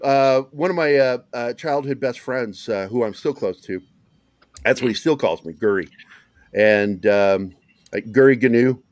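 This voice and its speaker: A man's voice: medium pitch, unhurried, no echo. Casual American man, neutral accent, rambling with fillers, cursing freely, dry close recording. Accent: neutral American, Southern slips when tired. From small town in Virginia, US. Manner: rambling, profane, many fillers. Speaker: podcast co-host. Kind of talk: casual chat.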